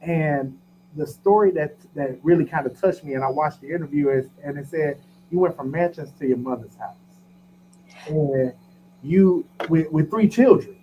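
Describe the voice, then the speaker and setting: A man co-hosting a podcast, asking a guest a question in a measured, halting way. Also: a little high. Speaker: podcast co-host. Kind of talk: interview questions. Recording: dull lo-fi audio with faint hum.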